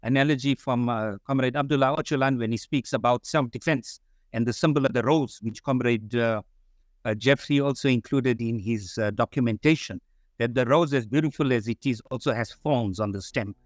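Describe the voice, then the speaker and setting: On a dry, clean studio recording, a man with a medium-pitched voice speaks briskly as a symposium speaker giving formal closing remarks over a video call. He is earnest and solemn, addressing everyone as comrade.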